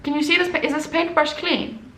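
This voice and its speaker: Brief: woman playing a furious, scolding female art teacher, high and shrill, echoey room. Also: fairly quick, creaky, distant mic, heavily acted. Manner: yelling, scolding.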